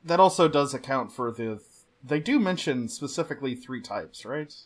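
A man with an expressive mid-range voice co-hosts a podcast, recapping an episode at a normal speed. He keeps things chatty and casual, joking around and laughing often.

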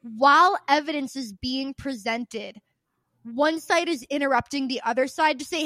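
Female podcast co-host, high voice, exasperated ranter who swears and acts out quotes; dry, close recording. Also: moderate pace, fairly bright tone, dry recording. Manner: ranting, exasperated, swears freely; acts out quoted people with shifts of voice. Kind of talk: casual podcast chat.

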